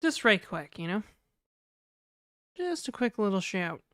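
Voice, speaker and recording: A woman's voice: mid-range voice, big pitch swings, a little slow, fairly bright tone, dry recording, clean studio sound. A woman live-streaming, chatting casually and reading her chat aloud, with lots of fillers.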